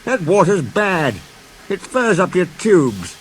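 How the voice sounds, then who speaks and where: A man's voice: high-pitched, big pitch swings, takes it slowly, a little hiss or hum, voice pushed up, full character voice. A man voicing a vain, jealous male tender engine with a pompous, boastful manner.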